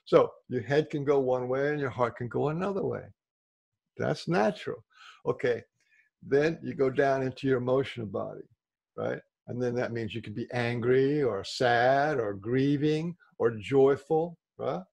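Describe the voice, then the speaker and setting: A man's voice: mid-range voice, moderate pace, vocal fry, a little mellow. Guy talking to a group, explaining stuff, keeps asking "right?". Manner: explanatory, checks in with listeners often. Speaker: workshop speaker. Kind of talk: group discussion talk.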